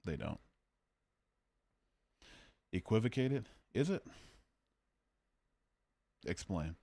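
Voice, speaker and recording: Low-voiced man chatting on a livestream. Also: sing-song, extremely slow, gravelly, warm tone, husky, no echo. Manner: argumentative, joking, reads chat aloud. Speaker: livestream host. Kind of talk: casual debate chat.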